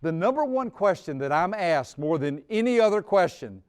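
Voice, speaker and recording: High-voiced older man telling a story. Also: big pitch swings, moderate pace, clean tone. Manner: folksy storyteller, humorous asides, repeats words. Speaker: speaker on personality types. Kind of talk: storytelling stage talk. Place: stage before a live audience.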